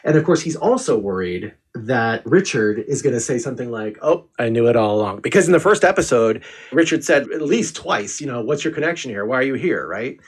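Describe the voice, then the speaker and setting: A man co-hosting a podcast, recapping a TV episode in casual chat, excitable and fond of acting out the characters' lines. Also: mid-range voice, a little fast, husky. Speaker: podcast co-host.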